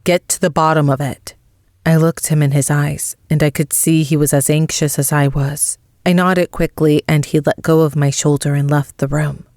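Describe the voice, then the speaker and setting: A woman narrating a first-person romance audiobook in a slow, measured, emotional reading. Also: deep voice, level tone, a little mellow, no echo, studio quality.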